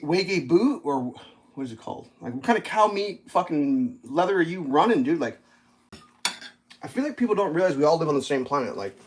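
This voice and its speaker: A man hosting his own channel, ranting casually and rambling, swearing often and leaning on fillers. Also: a little high. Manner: rambling and profane, with many fillers. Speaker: channel host. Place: at a breakfast table.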